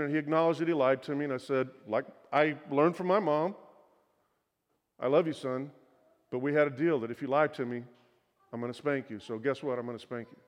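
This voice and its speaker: A middle-aged pastor preaching a sermon, telling a personal story in an earnest voice that often drops to a quiet, confiding tone. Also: male voice, on the high side. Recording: long hall reverb.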